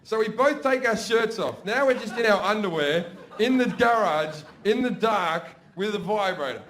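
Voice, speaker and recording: A man's voice: high voice, expressive, normal speed, fairly bright tone. A man doing brash, profane stand-up storytelling on stage. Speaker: stand-up comedian. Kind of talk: stand-up comedy. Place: comedy stage before a laughing audience.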